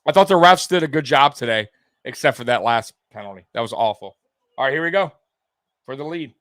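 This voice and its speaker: A man's voice: medium pitch, brisk, no echo. Fired-up man hosting a sports stream. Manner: animated, swears, repeats himself, talks straight to viewers. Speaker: sports livestream host. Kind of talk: live postgame commentary to viewers.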